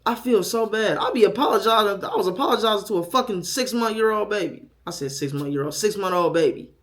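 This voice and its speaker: High-voiced young man, frank and profane. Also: fast talker. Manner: frank and profane, swinging from quiet self-doubt to loud animated storytelling. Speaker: first-time father. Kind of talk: candid talk to camera.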